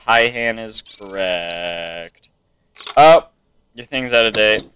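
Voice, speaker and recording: A man's voice: fairly low pitch, slow pace, fairly bright tone, clean tone. An American man casually commenting to himself while playing a video game. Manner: musing, talking to himself. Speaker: gamer. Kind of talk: let's play commentary.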